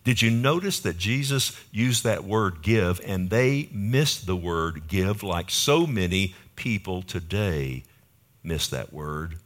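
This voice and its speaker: A man's voice: low voice, expressive, slow, a bit bright. A man pastor preaching a verse-by-verse sermon, emphatic and often asking the congregation questions.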